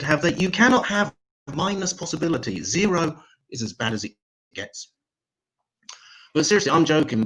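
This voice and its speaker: A man performing a stand-up set for an online comedy show. He delivers crude, deadpan one-liners with a lively, swinging pitch and a slightly husky edge. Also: low-quality recording.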